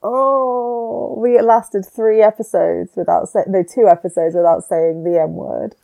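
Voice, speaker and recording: A woman's voice: mid-range voice, steady tone, a little slow, gravelly, mellow. Giggly woman with a stuffy nose. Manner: giggly, self-deprecating. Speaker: podcast co-host. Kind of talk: casual chat.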